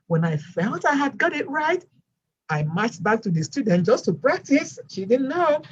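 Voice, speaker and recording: A woman with a non-American English accent, telling her story as a guest teacher in a lively storytelling way. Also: mid-range voice, measured pace, husky, lo-fi sound. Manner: animated storyteller, acts out quoted voices. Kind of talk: storytelling interview chat.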